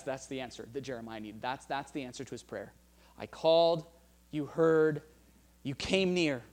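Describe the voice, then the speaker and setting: A man preaching a sermon in an earnest way, often repeating words and dropping softer to read scripture. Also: medium pitch. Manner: earnest, repeats phrases, drops soft for scripture. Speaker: pastor.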